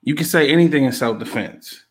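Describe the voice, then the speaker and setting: A man in casual conversation, animated and profane, slipping into quick impressions of the people he talks about. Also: mid-range voice, slightly rough. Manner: animated, profane slang, acts out quotes. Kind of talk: casual chat about a music event.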